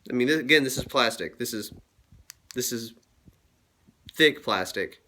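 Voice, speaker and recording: A man's voice: medium pitch, animated, a little slow, pushed and bright. A man vlogging in a casual, crude and joking way, cursing often. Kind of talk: casual vlog commentary.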